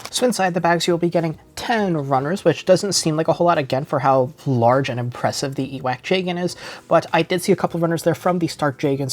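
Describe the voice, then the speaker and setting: A man's voice: a little high, darkish tone. A man reviewing a model kit in a casual unboxing walkthrough, methodically listing parts one by one with small hedges.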